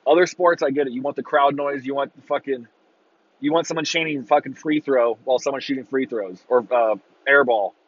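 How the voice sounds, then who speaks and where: A man ranting casually on a podcast, swearing freely and breaking into loud mocking impressions of fans. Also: mid-range voice, fairly quick, muffled recording. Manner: profane, exasperated ranting with mocking shouted impressions. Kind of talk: casual rant.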